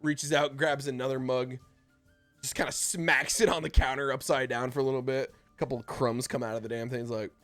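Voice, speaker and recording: A man's voice: mid-range voice, steady tone, a little fast, a bit bright, faint music behind. A man running a tabletop game as dungeon master, narrating casually with rambling asides and cursing.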